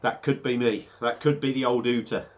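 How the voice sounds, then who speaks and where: A man's voice: mid-range voice, fairly even intonation, moderate pace. A man talking casually through a beer review, a little under the weather, rambling with hesitant fillers.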